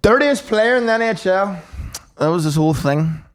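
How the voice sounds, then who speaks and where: A man's voice: high-pitched, animated, normal speed. A man co-hosting a podcast, telling a long anecdote in casual chat and swearing often. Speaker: podcast co-host.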